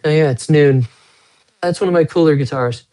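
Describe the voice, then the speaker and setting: In a small room at home, a young man holds his phone close and livestreams, rambling to viewers as he shows off guitars and watches. His voice is fairly high and mellow, at a normal speed.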